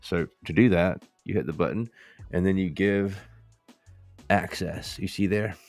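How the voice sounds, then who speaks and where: A man's voice: sits low, fairly even intonation, measured pace, vocal fry, a little mellow, faint music behind. A male podcast host in a casual, playful demo chat, joking and talking to the viewers as folks.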